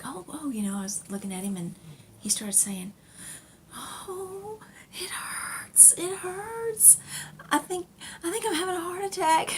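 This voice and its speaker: A middle-aged woman tells a personal story in a loose, rambling way, full of fillers, restarts and small laughs. Her voice sits at an ordinary pitch for a woman. A faint background hiss runs under the home recording. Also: darkish tone. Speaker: knitting podcast host.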